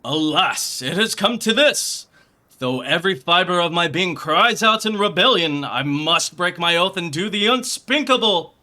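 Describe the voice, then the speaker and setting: A man doing a pompous booming inspector. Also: animated, a little slow, pushed and bright, heavily acted. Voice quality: high, booming, theatrical. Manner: grandiloquent, pompous. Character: pompous male inspector, theatrical and grandiose. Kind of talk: reading game dialogue aloud in voices.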